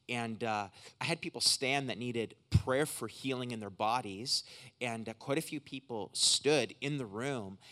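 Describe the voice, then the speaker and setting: Man preaching and praying softly. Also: medium pitch. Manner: emphatic preaching that drops to hushed, intense prayer. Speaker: guest preacher. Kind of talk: sermon with healing prayer. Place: hotel conference room church.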